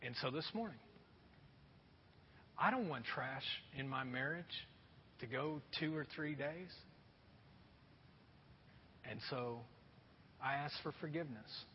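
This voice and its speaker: A middle-aged man preaching a sermon as a pastor, telling a self-deprecating story in an animated way. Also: medium pitch, slow pace, pauses often, a little hiss or hum. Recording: dull sound with long hall reverb.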